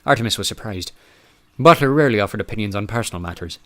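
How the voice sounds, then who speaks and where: A man's voice: fairly low pitch, animated, fast, pushed and bright. Man reading an audiobook. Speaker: audiobook narrator. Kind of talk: scripted narration.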